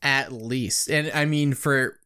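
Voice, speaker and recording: A man's voice: mid-range voice, slow pace, clean tone. Enthusiastic male podcast storyteller. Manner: enthusiastic storyteller, animated bursts. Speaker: podcast co-host. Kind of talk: casual chat, retelling a commercial.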